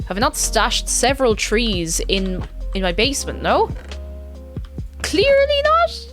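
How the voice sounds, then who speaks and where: A woman's voice: a little high, huge pitch swings, slow, a bit bright, soft background music. Chatty woman streaming a game. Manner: chatty, giggly, rambling asides. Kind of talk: casual live-stream chat while playing.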